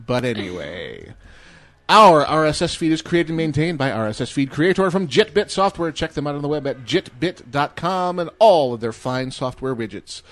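A man's voice: fairly high pitch, normal speed, dry recording. A man hosting a live online radio show, chatting casually and joking with his co-hosts. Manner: joking, animated. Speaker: host.

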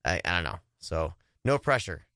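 A man's voice: deep voice, big pitch swings, normal speed, bright, forceful tone, no echo, studio quality. A man hosting a casual horror-movie podcast, rambling with restarts and frequent laughs. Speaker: podcast host. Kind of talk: casual chat.

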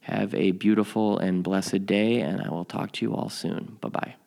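A man hosting a podcast, reading a spiritual lesson aloud in a calm, measured way and adding his own comments. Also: fairly low pitch, creaky. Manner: calm, measured reading that slows on key phrases. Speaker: podcast host.

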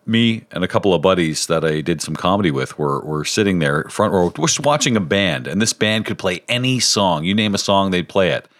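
Deep-voiced male podcast host, dry sound. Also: expressive, fairly quick, hardly any pauses, a bit bright, no room sound. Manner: storytelling, chuckles often. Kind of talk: casual chat.

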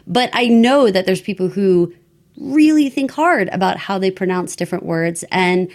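A woman of middle pitch with a mixed American accent that drifts toward Southern. She chats eagerly and giggles, and her speech is full of fillers. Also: animated, moderate pace, darkish tone. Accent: mixed American, partly Southern. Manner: giggly, enthusiastic, filler-heavy. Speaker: podcast co-host. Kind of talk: casual chat.

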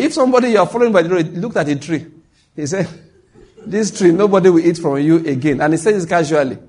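A man delivers a sermon in a husky, slightly high voice. He tells stories with humor and acts out the back-and-forth between characters. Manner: animated, humorous storytelling with acted-out dialogue. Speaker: preacher.

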